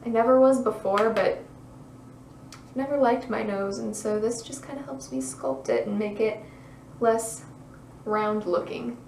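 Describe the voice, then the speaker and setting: Young woman, beauty tutorial, chatty and a bit hoarse, slightly high voice, echoey room, mic at a distance. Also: fairly even intonation, measured pace, long pauses, darkish tone, slight background noise. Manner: chatty, bubbly, self-deprecating asides. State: losing her voice, slightly hoarse. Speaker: beauty vlogger. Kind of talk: casual makeup tutorial talk-through.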